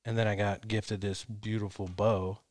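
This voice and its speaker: A man's voice: fairly low pitch, normal speed, no room sound. A man in his fifties chatting casually, telling stories with energy and acting out what he said back then. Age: 50s. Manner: animated storyteller who acts out his own quotes. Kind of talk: casual chat.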